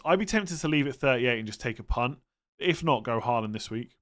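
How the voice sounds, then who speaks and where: A man hosting a live stream, chatting casually and thinking aloud as he answers viewers' questions. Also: mid-range voice. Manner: relaxed, thinks aloud with fillers and quick verdicts. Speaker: livestream host answering fantasy football questions.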